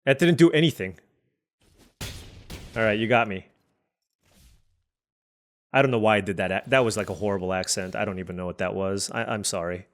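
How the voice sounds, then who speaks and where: Streaming a digital card game, this man speaks on the low side at a moderate pace, pausing often. He muses aloud in a chatty way about every move, considering what to do.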